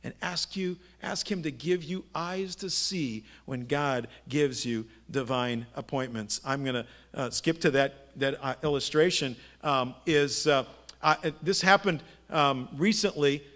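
A man's voice: a little high, a little slow, a bit bright. A middle-aged man, a pastor, preaching a sermon in a conversational storytelling way, asking his listeners rhetorical questions. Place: church sanctuary.

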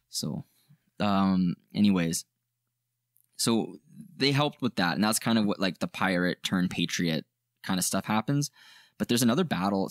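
A man's voice: sits low, no echo, studio quality. A man co-hosting a podcast, telling history in a rambling, jokey way with lots of fillers. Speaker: podcast co-host. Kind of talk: casual history chat.

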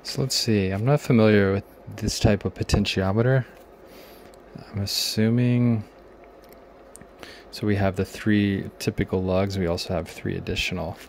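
The speaker is a repair video host fixing a guitar pedal at his workbench, casually thinking aloud as he tests and troubleshoots. His lowish voice is steady and a little mellow, with vocal fry and a faint hiss or hum behind it. He never rushes and tends to trail off mid-work.

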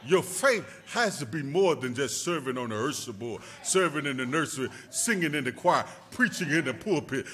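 A male pastor preaching a sermon, rising to shouts and dropping to a hush, repeating words and calling out to his congregation. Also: expressive, moderate pace, hardly any pauses, husky. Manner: rising to shouts then dropping low and quiet.

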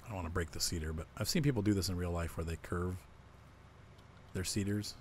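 A man's voice: low voice, a little fast, slight background noise. A man hosting a co-op farming game, casually explaining his plans as he plays. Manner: explains plans while playing. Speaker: let's-play host. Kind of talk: casual gameplay chat.

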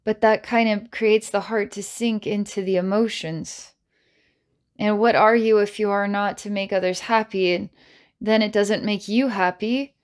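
Woman psychic healer, guided healing session, playful and giggly, mid-pitched. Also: clean tone. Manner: playful and giggly, with many filler words.

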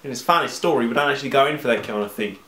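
A man's voice: medium pitch, rapid-fire, pushed and bright, close to an everyday voice. A man with a fake Australian accent, playing a brash, crude ghost hunter in a comedy sketch. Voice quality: crude, cheerful bluster. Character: brash young male ghost hunter faking Aussie. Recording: roomy sound with music underneath.

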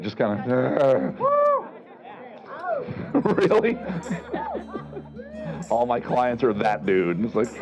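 A middle-aged male street comedian holds court at an outdoor fair, his voice swinging widely up and down as he ribs the crowd. His delivery is sarcastic and teasing, and he barks loudly to pull passers-by over to his stage. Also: mid-range voice, poor audio. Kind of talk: live outdoor comedy show with crowd banter.

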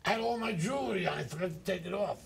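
An older man hosting a talk show, telling rambling, animated stories. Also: high-pitched, racing, creaky, a little hiss or hum. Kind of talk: anecdotal chat.

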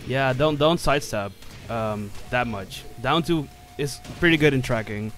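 A man giving casual live commentary while playing an online fighting game, excitable, swearing and laughing often, with sudden yelps. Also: mid-range voice, a little slow, soft background music.

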